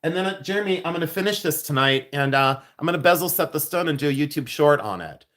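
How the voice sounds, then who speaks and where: A man's voice: on the high side, lively intonation, fast talker, a bit bright. A man hosting a livestream from his jewelry studio, chatting effusively with viewers, laughing often and thanking them. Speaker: silversmith livestream host. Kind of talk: casual livestream chat with viewers.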